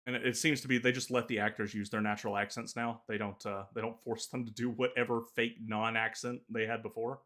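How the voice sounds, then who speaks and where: Man, podcast co-host, casual chat, hesitant, lots of pauses, mid-range pitch. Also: flat delivery, fairly bright tone. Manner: halting, many filler pauses.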